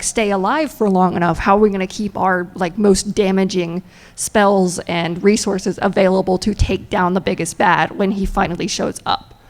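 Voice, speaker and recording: A woman player on a convention panel talking in a casual, enthusiastic way with many fillers. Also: mid-range voice.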